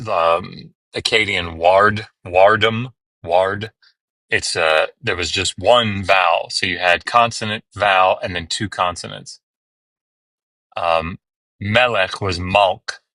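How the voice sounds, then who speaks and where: Guy w low voice but bright tone teaching hebrew on a live stream, patient, lots of ums, dry close mic. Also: no echo. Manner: patient, explains step by step with many fillers. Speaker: host teaching biblical Hebrew. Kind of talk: casual live-stream tutoring.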